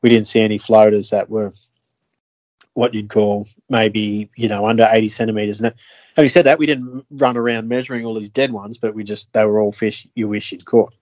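A man's voice: lowish voice, steady tone, a little fast, a little mellow, dry recording. A man on a podcast, telling a fishing story in a rambling way, with lots of fillers and restarts. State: tired, yawning. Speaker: podcast co-host. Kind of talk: casual chat.

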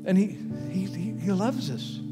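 In a high-pitched, sing-song, unhurried voice, a man preaches a conversational sermon, repeating his key phrases for emphasis. The recording carries long hall reverb and faint music.

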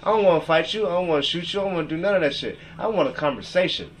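A man's voice: on the high side, racing, a little hiss or hum, low-quality recording. Profane ranting man reading texts aloud. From Seattle, US. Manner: profane, rambling, reads text messages aloud. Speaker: podcast host. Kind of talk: emotional rant.

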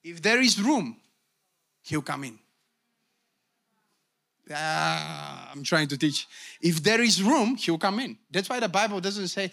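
A middle-aged man preaching a sermon as pastor, emphatic, calling out to the congregation and swinging from low asides to shouted peaks. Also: animated, unhurried, creaky, long pauses.

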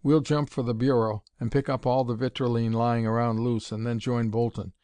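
A man's voice: medium pitch, flat delivery, moderate pace, warm tone, no echo, natural voice. A man reading an audiobook, voicing an eager, commanding male scientist-detective in a raised, urgent voice. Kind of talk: audiobook character voice.

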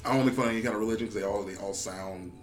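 A man's voice: fairly low pitch, fairly even intonation, rapid-fire, faint music behind. A man hosting a podcast in casual chat, telling stories in a laid-back, slangy way. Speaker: podcast host.

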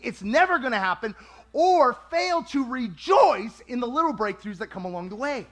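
Guy preaching a sermon, high voice, bright and animated, chatty with the crowd. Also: moderate pace. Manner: animated, conversational preaching with quoted asides.

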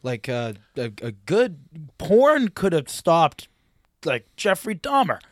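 A man's voice: fairly high pitch, big pitch swings, slow pace, no echo, studio quality. A man co-hosting a podcast, crude and jokey in a casual chat. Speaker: podcast co-host.

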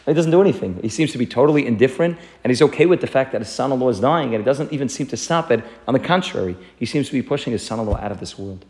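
A man giving a religious lesson to a group, telling a story quickly and earnestly. His voice sits at a middling pitch. He often circles back over his own phrases. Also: animated, a little mellow. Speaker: Torah teacher.

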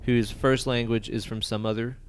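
A man's voice: medium pitch, flat delivery, moderate pace, smooth. An American man co-hosting a podcast, talking in a casual, playful way with some swearing. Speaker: podcast co-host. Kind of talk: casual chat.

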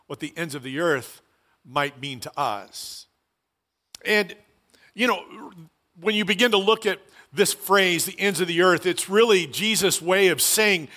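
A man preaching a sermon as pastor, earnest and conversational with animated asides. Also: high voice.

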